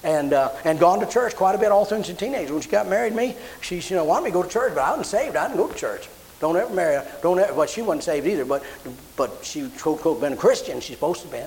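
Male pastor, high voice, animated storytelling sermon, faint hiss. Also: quick pace, low-quality recording. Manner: animated storyteller acting out quotes. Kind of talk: sermon with personal stories.

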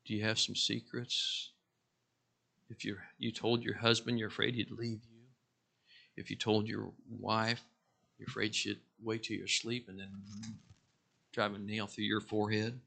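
A male pastor preaching a sermon, swinging from loud declarations to hushed asides and acting out quotes. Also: lowish voice, flat delivery, a little slow, creaky, pauses often.

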